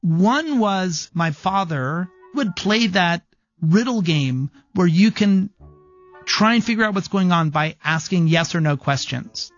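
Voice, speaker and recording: A man's voice: high-pitched, expressive, slow, dull audio, faint music behind. A man, a game design professor, speaking thoughtfully and articulately in an interview. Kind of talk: interview conversation.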